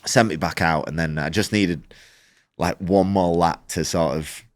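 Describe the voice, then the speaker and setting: A man, a motorcycle racer, telling a story as a podcast guest in a casual, animated way, acting out his own and others' words and using "like" often. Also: low voice, unhurried, dry recording, clean studio sound. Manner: animated, acts out quoted exchanges, frequent "like" fillers.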